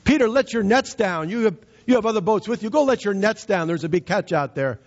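An insistent, commanding Jesus, voiced by a preacher mid-sermon, urging in a raised, husky voice. The recording sounds slightly dull. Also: male voice, high-pitched, animated, brisk, voice pushed up. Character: Jesus, calm commanding man.

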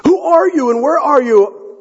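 A man voicing a panicked man hanging from a cliff, yelling desperate pleas, in a dull recording with long hall reverb. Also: very high voice, expressive, a little slow, pitched above the performer's own voice, exaggerated voice. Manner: desperate pleading yells.

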